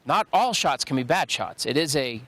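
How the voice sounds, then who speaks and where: A man hosting a live show outdoors, interviewing a guest in a quick, joking manner. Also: fairly high pitch, sing-song, a bit bright, no room sound. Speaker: radio show host. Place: outdoors at a golf tournament.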